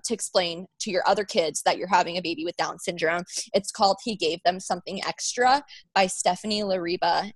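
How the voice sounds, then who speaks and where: A woman's voice: on the low side, dry recording, rough recording. Young woman, interview guest, earnest and emotional, filler-heavy talk, dry close sound. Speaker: guest, mother of a child with Down syndrome. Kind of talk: heartfelt conversational interview.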